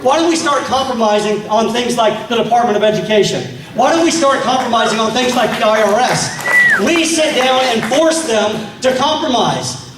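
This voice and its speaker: A man's voice: very high voice, expressive, moderate pace, noisy background. A man giving a fiery political speech at a meeting, rousing the crowd with rhetorical questions. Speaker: political speaker. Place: meeting hall. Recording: echoey hall from far off.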